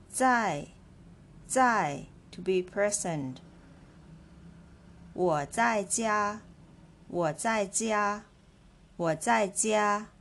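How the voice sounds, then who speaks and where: A woman with runs a beginner lesson. She speaks very slowly and patiently, repeating each phrase three times before giving the meaning. Her voice sits at a mid pitch. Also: a bit bright. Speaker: Chinese language teacher. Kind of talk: slow, clear language lesson.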